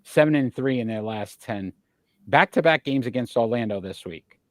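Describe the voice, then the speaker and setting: Stat-heavy sports talk host, dry sound. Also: male voice, mid-range voice, lively intonation, normal speed, dry recording. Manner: asks long, winding questions packed with stats.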